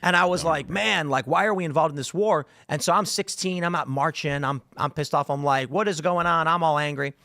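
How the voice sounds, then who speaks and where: A man in his thirties, hosting a casual political talk show, talks at a rapid clip in a slightly raised voice. He acts out the people in his stories as he goes. The studio sound is dry and close. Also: a little high, gravelly, no echo. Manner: animated storyteller, acts out quotes. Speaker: podcast host.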